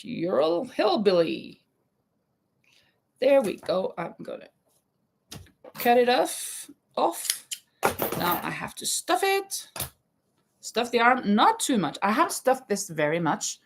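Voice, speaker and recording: Slow-talking woman. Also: fairly high pitch, sing-song, vocal fry, slight background noise. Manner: chatty, reads viewer comments aloud, often laughs. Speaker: livestream host. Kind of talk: casual live chat while crocheting. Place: home in Spain.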